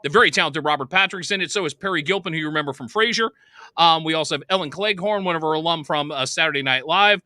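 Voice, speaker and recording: Man, podcast host, high voice, very sharp tone, dry close sound. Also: fast talker, no room sound. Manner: eager, enthusiastic, promotional. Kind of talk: interview conversation.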